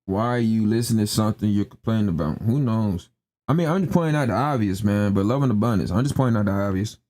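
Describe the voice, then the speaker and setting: A man's voice: lowish voice, lively intonation, quick pace, darkish tone. A young man ranting emphatically in slangy casual talk on a live stream, repeating his points. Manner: emphatic, repetitive, slangy, keeps asking "you know what I'm saying".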